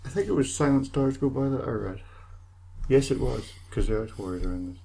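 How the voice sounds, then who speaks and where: A man's voice: mid-range voice, fairly quick, vocal fry, dark tone, a little hiss or hum. A man co-hosting a podcast in casual chat, teasing and laughing often. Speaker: podcast co-host.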